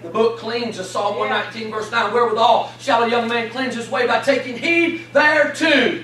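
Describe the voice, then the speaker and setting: A man preaching a revival sermon, fervent and building to shouts, leading call-and-response with the congregation. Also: very high-pitched, moderate pace. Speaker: guest preacher. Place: large church sanctuary. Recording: echoey sanctuary, distant mic.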